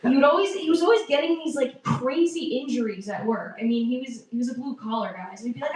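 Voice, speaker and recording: A woman's voice: high-pitched, fast, hardly any pauses, darkish tone, distant mic. A woman from a small town in Massachusetts performing a stand-up comedy set. She is chatty and self-mocking, and she often laughs at her own jokes. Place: live comedy open mic venue. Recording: roomy live venue, voice from afar.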